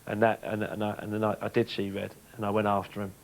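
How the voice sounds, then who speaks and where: A man's voice: fairly low pitch, monotone, quick pace, gravelly, low-quality recording. A man, a former footballer, telling playful anecdotes in an interview. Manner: chatty, playful storyteller.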